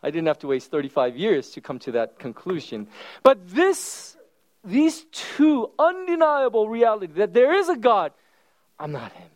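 Animated, high-voiced preaching man. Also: normal speed. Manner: animated storytelling, swinging between loud exclamations and hushed asides. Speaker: pastor. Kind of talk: sermon. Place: church service.

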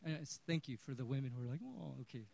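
A man in his thirties giving a sermon, telling a personal story and swinging between hushed and loud. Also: mid-range voice, racing, slight background noise, low-quality recording. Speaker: pastor.

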